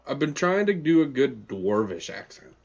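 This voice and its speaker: A man's voice: mid-range voice, creaky. A man co-hosting a podcast in casual chat, joking and swearing loosely. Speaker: podcast co-host. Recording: slightly dull lo-fi audio.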